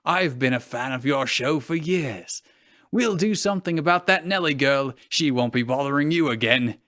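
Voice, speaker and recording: A man's voice: medium pitch, normal speed, a bit bright, no echo, studio quality, natural voice. A man voicing a creepy, over-sweet English pop singer with a put-on Manchester accent. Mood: smarmy.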